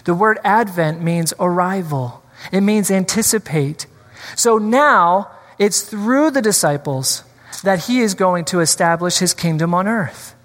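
A man preaching a sermon in a church, animated and acting out scripture scenes with changing voices. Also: high voice, measured pace. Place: church sanctuary. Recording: long hall reverb.

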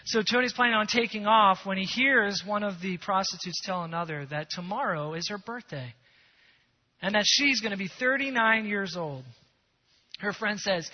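A male preacher telling a story in a sermon, animated, moving from loud to hushed. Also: high-pitched, normal speed. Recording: long hall echo, dull sound.

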